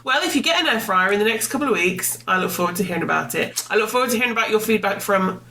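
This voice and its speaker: A woman's voice: mid-range voice, lively intonation, racing, pushed and bright, far from the mic. A woman co-hosting a podcast in casual chat, teasing and matter-of-fact. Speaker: podcast co-host. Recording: echoey room with faint hiss.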